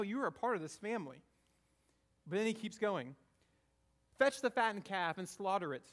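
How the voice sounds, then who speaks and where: High-voiced man preaching a sermon. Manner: conversational preaching, asks "right?" often.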